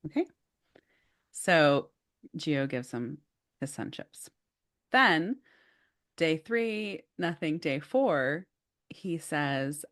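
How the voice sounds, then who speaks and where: A woman co-hosting a podcast, telling a story in casual chat with lively, animated delivery and plenty of filler "like"s. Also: deep voice, drawn-out words, long pauses. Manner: animated, acts out quotes, says "like" often. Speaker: podcast co-host.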